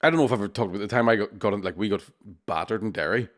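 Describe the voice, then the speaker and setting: A man, co-hosting a podcast in relaxed, swear-filled banter. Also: fairly low pitch, racing. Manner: laid-back banter, frequent "aye" backchannels, swearing. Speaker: podcast co-host. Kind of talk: casual chat.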